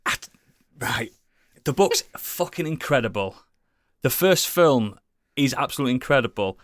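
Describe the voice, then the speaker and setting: A man chatting casually as a podcast co-host, rambling and enthusiastic, swearing often and filling pauses with ums and likes. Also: medium pitch, animated, no echo, studio quality. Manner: rambling, enthusiastic, swears a lot, many fillers. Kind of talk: casual chat.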